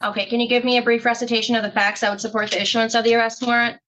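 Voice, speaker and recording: A woman's voice: fairly high pitch, flat delivery, rapid-fire, fairly bright tone, dull audio. A woman conducting a court hearing, swearing in a witness and asking rote questions. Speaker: court magistrate. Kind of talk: courtroom proceedings.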